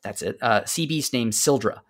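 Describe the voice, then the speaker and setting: A man hosting a casual podcast, recapping a game's story with lots of fillers and restarts, dropping to quiet asides. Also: medium pitch, normal speed. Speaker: podcast host.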